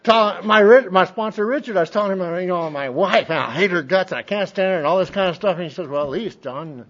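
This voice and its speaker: A man with a fairly high voice tells a long story to a group, rambling in a folksy way and acting out what other people said. The recording sounds dull and lo-fi, with the top end muffled. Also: quick pace, a bit bright. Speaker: speaker sharing his recovery story.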